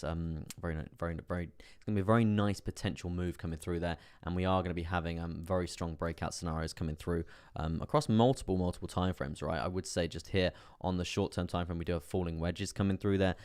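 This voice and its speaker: A man's voice: sits low, a little mellow, clean tone, no echo, studio quality. A man hosting a live trading stream, chatting casually with many fillers as he reads out chart analysis. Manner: chatty, filler-heavy, laughs often while reading chat.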